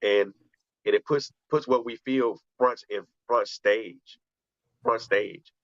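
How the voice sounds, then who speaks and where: A man's voice: on the low side, fairly even intonation, slow pace, no room sound, dull audio. A man hosting a radio talk show, speaking earnestly and often restarting his phrases as he reflects. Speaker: radio show host and poet. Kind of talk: conversational talk, then spoken-word poetry.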